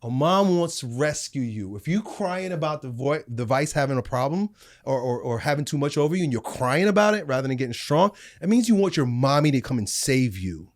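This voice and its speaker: A middle-aged man, a guest on a studio podcast, telling animated stories and acting out the people in them. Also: medium pitch, fairly quick. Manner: animated storytelling, acts out voices in anecdotes. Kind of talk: casual studio conversation.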